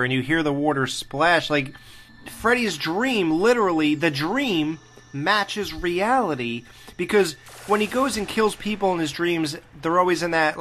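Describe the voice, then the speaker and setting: A man walks through film scenes on a relaxed podcast, joking as he goes. His voice is bright and edged, pitched a bit high. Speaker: podcast host. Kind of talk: casual movie review chat.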